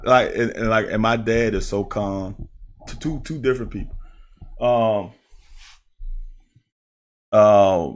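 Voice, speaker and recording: A young former player, now a football analyst, casually breaks down game film in a voice on the low side. He tells profane, animated stories punctuated by quick laughs.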